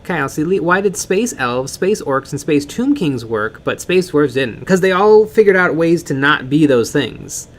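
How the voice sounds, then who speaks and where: A man's voice: fairly high pitch, very animated, normal speed, few pauses, a little hiss or hum. A man co-hosting a casual miniature-painting stream, joking and rambling as he reads chat comments. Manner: rambling, joking, with fillers and restarts.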